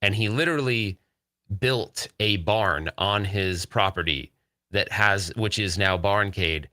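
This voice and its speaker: Host type, guy, lower voice but bright and edgy, rambly live-stream chatter. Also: slow pace, dry recording, studio quality. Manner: rambling, upbeat, reads viewer chat aloud. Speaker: podcast host. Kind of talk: casual live-stream chat.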